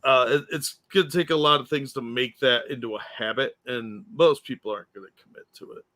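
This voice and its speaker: A man's voice: mid-range voice, fairly quick, bright, forceful tone, no room sound. A man co-hosting a casual political chat stream, mostly agreeing with short replies and thanking chat. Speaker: co-host.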